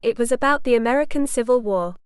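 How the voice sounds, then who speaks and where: A charming male filmmaker bubbles over with theatrical enthusiasm, eager to sell his big idea, voiced by a woman narrator. The voice is smooth and clean, sitting a little high, and dry with no room around it. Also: quick pace, no room sound, lightly acted.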